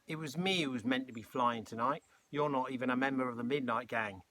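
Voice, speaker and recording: Casting: bossy grumpy boy, curt and snappy, louder than the narration, voiced by a male reader. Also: medium pitch, fairly quick, slight background noise, close to an everyday voice. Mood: snappish.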